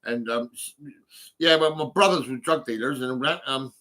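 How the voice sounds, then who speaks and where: A man's voice: mid-range voice, pushed and bright. Rambling, sweary Hampshire man. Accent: southern English. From England, Hampshire. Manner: rambling, sweary, halting with many fillers. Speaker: vlogger. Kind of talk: rambling casual chat. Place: small home room. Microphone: phone.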